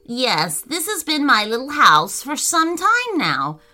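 A woman's voice: high-pitched, wildly swooping pitch, slow pace, bright, forceful tone, soft background music, voice pushed up, full character voice. A woman voicing a tiny, friendly male goblin with a cold, giggly and sniffly. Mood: playful.

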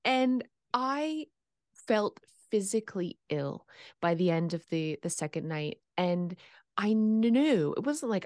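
A woman hosting a podcast, talking in a chatty, animated way with lots of fillers over a video call. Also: mid-range voice, measured pace, no echo, studio quality. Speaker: podcast host. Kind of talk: casual interview chat.

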